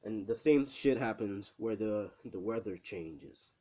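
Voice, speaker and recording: A man's voice: on the low side, measured pace, mellow, highs cut off. A young man casually retelling a fan what-if story in a rambling, profane way, with lots of fillers. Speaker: channel host.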